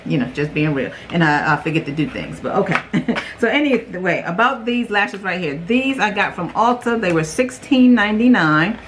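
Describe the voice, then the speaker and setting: Loud, chatty woman beauty vlogger. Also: medium pitch, lively intonation, normal speed, a little hiss or hum. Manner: chatty and rambling, tags lines with "okay?"; loud, self-aware about yelling. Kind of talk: casual chatty product review.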